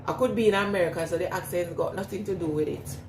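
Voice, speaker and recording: A vlogger with a noticeable non-standard English accent reads her live chat while washing her hair, answering comments casually, laughing often and repeating herself. Her voice is fairly low and fast. The mic is distant, and the echoey room carries clear background noise and ambience.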